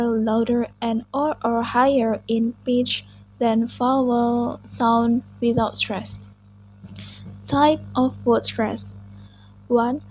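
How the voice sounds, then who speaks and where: A young woman reading out a class presentation slowly and carefully, with small restarts. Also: fairly high pitch, a little hiss or hum, low-quality recording. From Indonesia. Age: young adult. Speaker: student presenter.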